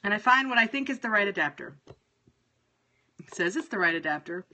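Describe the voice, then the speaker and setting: A woman in her thirties talking on a casual phone livestream, swearing freely and swinging between loud venting and calm muttering. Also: medium pitch, fairly quick, pauses often. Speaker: livestream host.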